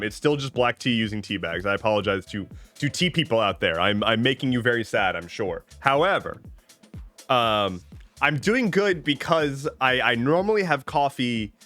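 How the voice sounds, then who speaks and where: A man chatting casually on a live stream from a home webcam setup. His pitch swings widely as he reads viewer messages aloud and answers with loose, self-mocking jokes, often restarting his sentences. Faint music plays behind him. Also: bright, forceful tone. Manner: rambling, joking, with many restarts. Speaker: live streamer reading chat.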